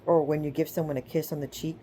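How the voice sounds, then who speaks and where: A woman's voice: low voice, fairly even intonation, quick pace, mellow, slight background noise. A woman giving a casual spiritual teaching, chatty and informal, who retells scripture stories with acted-out quotes and keeps checking in with her listeners. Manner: chatty, checks in with "okay?" and "right?".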